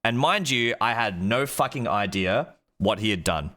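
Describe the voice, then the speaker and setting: A man's voice: lowish voice, animated, moderate pace, sharp tone. A young Australian man and streamer, telling a story in a rambling, casual way with lots of fillers and swearing.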